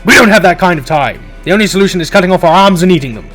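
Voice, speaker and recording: A man's voice: sits high, animated, fairly bright tone, soft background music. A man doing a brash reckless monster teen. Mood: blustering. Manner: blustering, fast and pushy.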